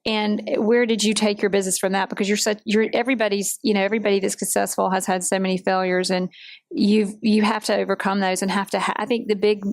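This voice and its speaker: A woman interviewer speaks with a middle-pitched voice. She asks her questions in an encouraging, affirming way. The sound is dry and close. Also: little pitch movement, quick pace, no echo. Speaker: host. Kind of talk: casual interview talk.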